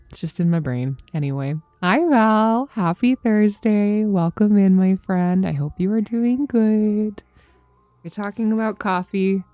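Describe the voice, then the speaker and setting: A woman in her thirties, a game streamer, chats casually with her live chat from home in a fairly low, mellow voice on a dry recording. She rambles loosely, swears freely and laughs often.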